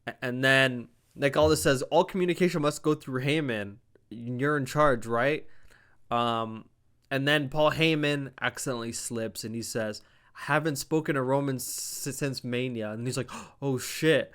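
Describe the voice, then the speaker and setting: Smooth-voiced young man, casual, swearing recap. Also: mid-range voice, measured pace, a bit bright. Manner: rambling, swears a lot, voices quotes animatedly. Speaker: wrestling show recapper. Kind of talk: casual chat.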